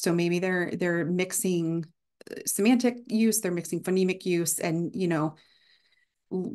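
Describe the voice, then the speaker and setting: In a casual guest lecture at a university, a young woman with a voice on the low side uses lots of fillers. Every so often she acts out sample speech errors.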